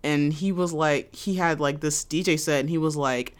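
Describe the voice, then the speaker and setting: A woman's voice: deep voice, fairly even intonation, normal speed. A woman co-hosting a podcast in casual chat, laid-back and blunt, often laughing. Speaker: podcast co-host.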